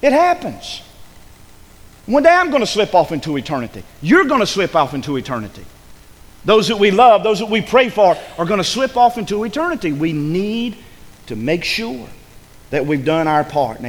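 Pastor, man, high-pitched and fiery, booming shouts dropping to near whispers, reverberant church hall. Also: very animated, moderate pace. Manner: fiery preaching, swinging from loud shouts to hushed lows. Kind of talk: sermon. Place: church sanctuary.

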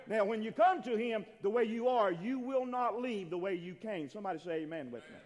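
A man preaching a sermon, swinging between quiet talk and loud, shouted appeals. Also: high-pitched, expressive, normal speed. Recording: long hall reverb.

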